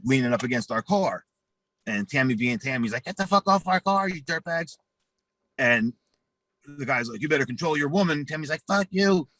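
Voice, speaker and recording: A man's voice: medium pitch, breathy edge, no echo. A man being interviewed, telling a rowdy story full of swearing and acted-out quotes. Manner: profane, animated storyteller acting out quotes. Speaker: interview guest.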